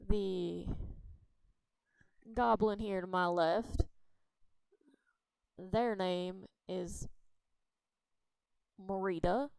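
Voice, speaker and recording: A woman narrating a fantasy role-play story in an unhurried, rambling way with fillers. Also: mid-range voice, fairly even intonation, creaky, darkish tone, clear, resonant tone, no echo, rough recording.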